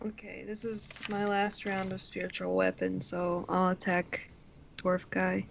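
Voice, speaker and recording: A woman at the game table declares her character's attacks and asks direct questions. Her voice has a strong gravelly fry through it. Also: mid-range voice, monotone, measured pace, a little hiss or hum. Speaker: player. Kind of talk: casual game chat.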